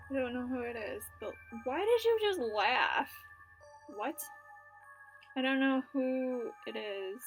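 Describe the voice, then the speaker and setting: A woman playing a story game, reading its narration aloud and reacting casually, with filler words and swearing. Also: fairly high pitch. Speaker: let's play gamer.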